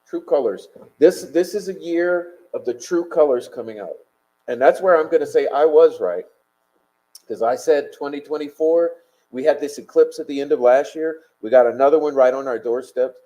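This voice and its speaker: A man's voice: fairly high pitch, normal speed, mellow, poor audio. A man hosting a casual livestream, rambling and swearing emphatically as he chats and answers viewer comments. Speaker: livestream host.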